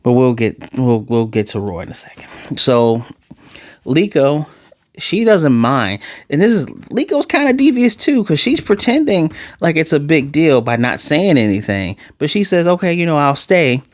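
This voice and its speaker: A man casually reviewing an anime episode in a sarcastic, animated way, his voice jumping high for emphasis. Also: moderate pace, no room sound.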